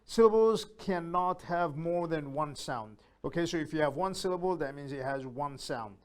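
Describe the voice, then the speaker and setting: A man teaching a beginner English lesson, patiently explaining step by step and slowly repeating each word aloud so learners can copy it. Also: on the high side. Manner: slow, repeats words aloud to model pronunciation.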